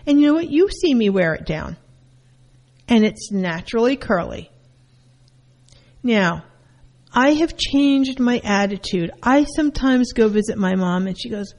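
Middle-aged woman, counselor giving a class, lively storytelling, fairly high voice. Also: moderate pace. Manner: animated, acts out her mother's voice. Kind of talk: informal teaching talk with personal stories.

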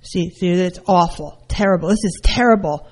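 A middle-aged woman giving an informal lesson on counseling, telling personal stories in a lively way. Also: on the low side, moderate pace. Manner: animated, acts out her mother's voice. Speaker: counselor teaching a class.

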